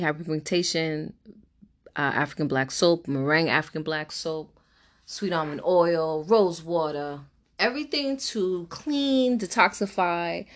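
A young woman with a low voice makes a brash, slangy pitch for her own beauty line. She talks in a chatty, playful way and laughs often. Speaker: business owner promoting her products. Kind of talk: promotional pitch.

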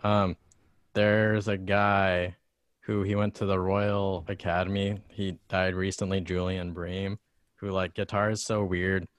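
A young American man with a fairly low voice talks in a loose, rambling way, dropping fillers as he goes. His tone is upbeat and friendly, and the recording is dry and close. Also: level tone, unhurried, clean tone, dry recording. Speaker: host, guitarist. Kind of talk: casual chat.

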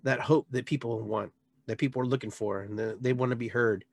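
A man hosting a live show as a shaman, talking in a heartfelt, rambling way with many restarts, jumping from loud bursts down to quiet trailing words. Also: medium pitch, fairly even intonation, fairly quick, dry recording. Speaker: podcast host and shaman. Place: local area with a reservoir, addressing live viewers.

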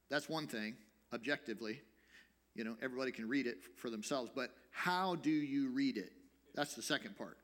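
A male pastor preaching a sermon in a church, talking in a lively, conversational way and teasing the congregation. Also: medium pitch, a little fast. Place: church sanctuary.

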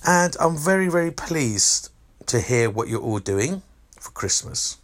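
A man's voice: fairly high pitch, unhurried. A man hosting a Christmas quiz, reading out multiple-choice questions and teasing the contestants. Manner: animated, teasing, reads multiple-choice options. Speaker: quiz host.

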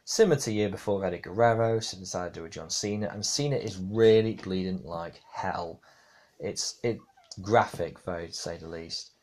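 A man's voice: deep voice, moderate pace, darkish tone. A man hosting a casual podcast, rambling with many fillers and restarts. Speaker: podcast host. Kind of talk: casual wrestling review podcast.

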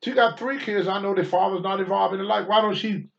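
An older man on a talk show, blunt and preachy, swinging from low mutters to loud outbursts. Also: steady tone, quick pace, gravelly, highs cut off. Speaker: podcast host, former wrestler. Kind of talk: candid talk-show commentary.

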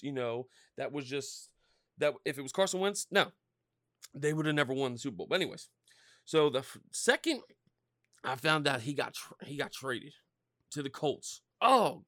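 A man's voice: fairly high pitch, no room sound, studio quality. A man from Pennsylvania hosting a solo podcast, ranting heatedly and swearing constantly. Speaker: podcast host.

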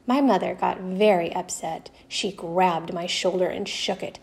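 A woman reads a first-person novel chapter aloud for a class. Her telling is steady and even, slipping briefly into the voices of the characters. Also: fairly low pitch, measured pace, vocal fry. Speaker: reader.

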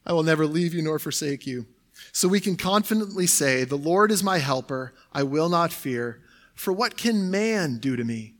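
A man's voice: on the high side, a bit bright. Conversational man preaching a sermon. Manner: conversational, with frequent "like" and "right?". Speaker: pastor.

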